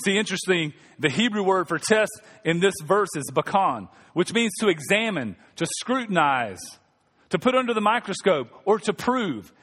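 A man's voice: high voice, sing-song, moderate pace, fairly bright tone, in a large hall. A male pastor preaching a sermon in a conversational, humorous way, calling on the congregation to respond. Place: church sanctuary.

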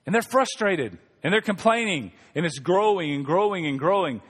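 A man's voice: sits high, animated, moderate pace, a bit bright, husky, big-room sound. A male pastor preaching a sermon in a conversational, humorous way, calling on the congregation to respond. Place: church sanctuary.

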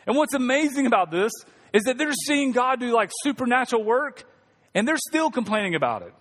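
A man's voice: extremely high pitch, very animated, brisk, fairly bright tone, big-room sound. A male pastor preaching a sermon in a conversational, humorous way, calling on the congregation to respond. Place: church sanctuary.

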